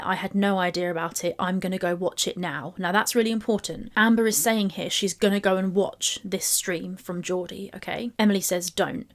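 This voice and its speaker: A woman giving commentary on text messages, reading them aloud and picking them apart. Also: lowish voice. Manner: reads screenshots aloud and picks them apart. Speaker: commentary YouTuber.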